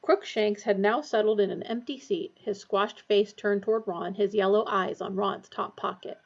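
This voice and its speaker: A woman reading a storybook aloud in a steady, expressive way. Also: mid-range voice, moderate pace, highs cut off. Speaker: audiobook reader. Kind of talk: storybook narration.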